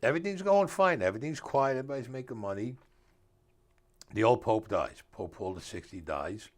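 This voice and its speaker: A man's voice: fairly low pitch, expressive, normal speed. An older man, telling stories in a casual interview and acting out the dialogue in a streetwise way. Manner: streetwise storyteller, acts out dialogue, drops grammar. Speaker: author and guest.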